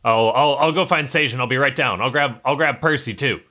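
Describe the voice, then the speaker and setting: A man's voice: mid-range voice, a little fast, pushed and bright, natural voice. A man voicing a friendly, nervous male airship crewman who talks in a chatty, fretful way. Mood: flustered.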